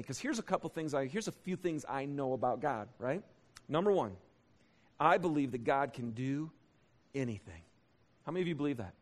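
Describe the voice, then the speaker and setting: A middle-aged man preaching a sermon, animated and conversational, asking the congregation questions and swinging from quick excited bursts to slow, soft emphasis. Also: mid-range voice. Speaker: pastor.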